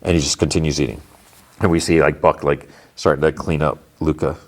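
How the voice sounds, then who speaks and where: A man with a very low voice talks through a TV recap like a podcast host. He is loose and chatty, with lots of fillers. He sounds easily exasperated. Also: fairly even intonation, brisk. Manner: chatty, full of "like" and "you know"; exasperated at the plot. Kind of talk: casual episode recap.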